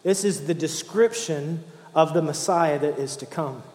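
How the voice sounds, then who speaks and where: A man preaching a sermon, emotional, swinging from hushed, slow lines to fervent ones. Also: a little high. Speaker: pastor. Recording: echoey hall, roomy.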